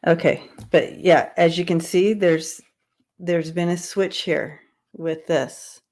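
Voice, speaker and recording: A woman chats with her livestream viewers in an unhurried, low-pitched voice. She laughs easily and keeps stumbling over long words, repeating them until she gets them right. It sounds like a casual webcam stream. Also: fairly even intonation, darkish tone. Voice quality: dyslexia, repeats hard words. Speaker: livestream tarot reader.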